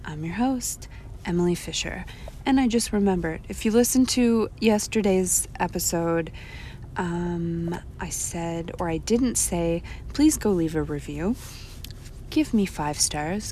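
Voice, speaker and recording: A woman in her thirties chats from her car at a drive-thru, wandering off on digressions and amusing herself along the way. Her voice is mellow and warm, with a soft hum of the car and the road around her. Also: on the low side, measured pace, poor audio. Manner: chatty, digressive, self-amused. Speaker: podcast host. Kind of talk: casual rambling chat.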